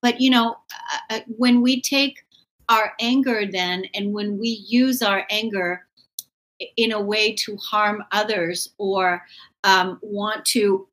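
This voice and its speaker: A woman's voice: medium pitch, fairly even intonation, slow, a bit bright, poor audio. A woman speaking earnestly and emphatically in a casual spiritual conversation.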